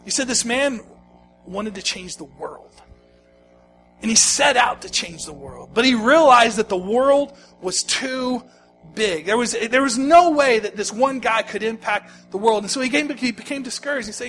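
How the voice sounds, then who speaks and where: A man preaching a sermon, moving from hushed, slow lines to loud, pleading ones and repeating phrases for emphasis. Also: very high voice, expressive, a little hiss or hum, poor audio. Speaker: pastor.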